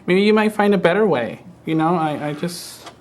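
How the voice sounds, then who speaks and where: A man teaching a craft project on a live stream, talking in a relaxed, hesitant way and often repeating words. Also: sits high, normal speed, a little hiss or hum. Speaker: craft instructor. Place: studio.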